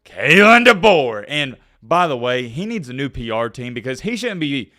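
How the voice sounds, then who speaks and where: A man's voice: mid-range voice, big pitch swings, normal speed, bright, forceful tone. A man ranting sarcastically and directly to viewers in sports commentary. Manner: heated, sarcastic, talks straight to viewers.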